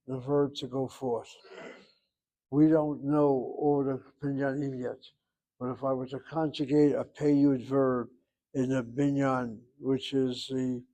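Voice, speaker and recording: Middle-aged male Hebrew teacher, lecturing, mid-pitched voice, stops to hunt for words. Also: mellow. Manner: thinks aloud, pauses to search for terms. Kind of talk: classroom lecture.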